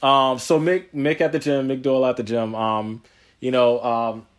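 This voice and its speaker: Speaking at normal speed with medium pitch, this male podcast host spins rambling, animated stories punctuated by frequent laughter. His slangy asides are full of "yo" and "man."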